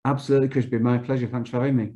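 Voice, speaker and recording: A man's voice: mid-range voice, little pitch movement, racing, dark tone, muffled recording. A man, a company boss, answering interview questions earnestly, repeating words as he builds a point. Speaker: company CEO, guest.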